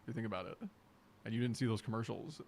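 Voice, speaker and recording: A young man chatting casually on a live stream, laid-back and excitable, laughing easily. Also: lowish voice, fast talker, creaky.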